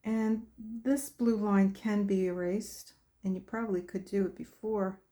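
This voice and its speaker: A woman's voice: mid-range voice, steady tone, dark tone. A woman hosting a painting lesson, chatting casually and talking to herself as she works. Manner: slow, chatty, talks to herself while working. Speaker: art tutorial host. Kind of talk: painting demonstration.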